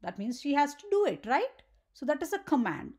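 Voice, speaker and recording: A woman's voice: high-pitched, sing-song, moderate pace, darkish tone. A woman teaching a grammar lesson for children, often checking in with "right?" and asking the viewer questions.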